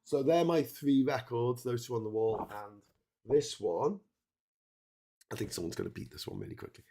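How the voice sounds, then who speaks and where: A man's voice: medium pitch, expressive, moderate pace, creaky, mellow. Scouse guy livestreaming with a cold, middle-aged, rambly, lots of ums and restarts, normal mid voice. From England. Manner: rambling, many fillers and restarts. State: has a cold. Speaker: livestream host. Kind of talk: casual livestream chat.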